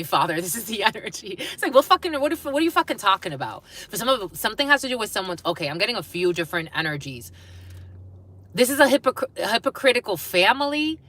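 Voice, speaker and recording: A woman's voice: on the high side, bright, forceful tone, dry recording. A woman giving a collective spiritual reading to camera, blunt and profane, breaking off with laughs as messages come in. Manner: blunt, swearing, laughing asides. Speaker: tarot reader.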